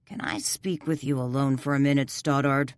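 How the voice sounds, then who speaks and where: A woman's voice: extremely low pitch, normal speed, smooth, no room sound. A woman voicing a weary, patient police officer in an audiobook. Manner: calm, sighing, level.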